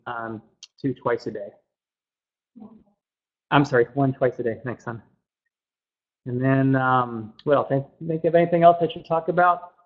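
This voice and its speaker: A man giving a casual webinar talk through a computer mic, chatty and loose, repeating words and filling pauses with um. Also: a little high. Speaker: webinar presenter. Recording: dull lo-fi webinar audio.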